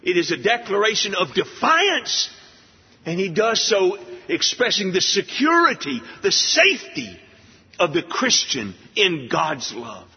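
A man preaching in a slow, deliberate way, his pitch rising and falling widely as he presses rhetorical questions. His slightly husky voice carries a long hall reverb, and the audio is dull and lo-fi. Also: wildly swooping pitch. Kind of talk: expository sermon.

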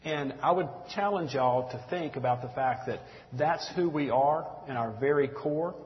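A man's voice: fairly high pitch, normal speed. A middle-aged man with a Southern US accent, from Mississippi, teaching a church group in a folksy, earnest, conversational sermon and calling listeners y'all. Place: church room with audience. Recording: dull lo-fi recording in echoey hall.

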